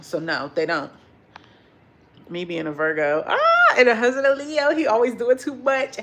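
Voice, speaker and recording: A woman chatting casually with her livestream viewers while she cooks in a home kitchen. She tells stories in an animated way, acts out what people said, and curses freely. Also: medium pitch, normal speed. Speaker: vlogger chatting with live viewers.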